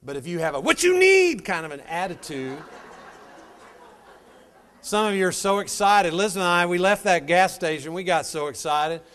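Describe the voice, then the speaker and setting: Folksy middle-aged man, smooth voice. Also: high-pitched, normal speed, long pauses, fairly bright tone. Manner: folksy, storytelling, direct address. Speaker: motivational speaker. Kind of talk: motivational talk to a live audience.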